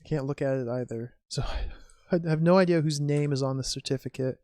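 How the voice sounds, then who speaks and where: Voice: medium pitch, a little mellow, dry recording, studio quality. A streamer casually commenting on an old adventure game, musing wryly and reading typed commands and game text aloud. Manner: wry, musing, types commands aloud slowly.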